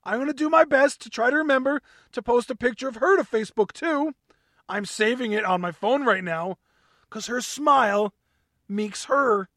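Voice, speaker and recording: Bubbly high-voiced male podcast host. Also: normal speed, a bit bright, no echo, clean studio sound. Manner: bubbly, giggly, playfully over the top. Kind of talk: upbeat talk show chat.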